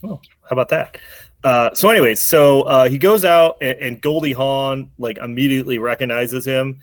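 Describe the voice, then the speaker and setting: A podcast host with a medium-pitched voice and normal speed casually recaps a movie plot, rambling with many fillers and restarts. The recording is dry.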